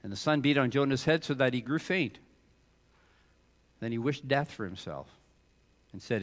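Animated preacher man in a reverberant hall. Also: medium pitch, normal speed, long pauses. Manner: animated, acts out voices of biblical figures. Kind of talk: sermon.

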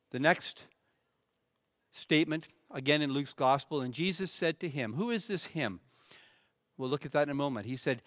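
A man preaching a sermon in an earnest way, swelling dramatically and then dropping to a hush. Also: fairly high pitch, no room sound, studio quality.

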